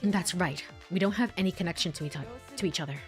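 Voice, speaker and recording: A woman voicing a cold, standoffish young woman who speaks in a flat, dismissive way. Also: lowish voice, quick pace, faint music behind, natural voice.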